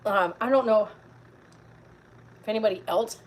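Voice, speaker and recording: A woman's voice: mid-range voice, moderate pace, slight background noise, low-quality recording. A middle-aged woman vlogging in a casual, rambling chat, tired and full of fillers, talking from a car.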